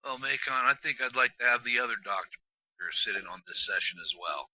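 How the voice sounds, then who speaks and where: Bright, playful tabletop player man. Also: mid-range voice, brisk, poor audio. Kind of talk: casual tabletop banter.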